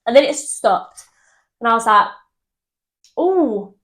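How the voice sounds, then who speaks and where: A young woman co-hosting a podcast, telling ghost stories in animated casual chat and swearing freely. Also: on the high side, moderate pace. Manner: animated storytelling, swears freely, laughs often. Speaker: podcast co-host.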